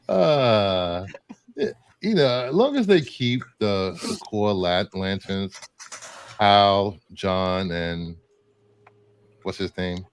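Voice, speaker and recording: Low-voiced man, halting panel chat. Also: animated, a little hiss or hum. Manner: halting, restarts, dry.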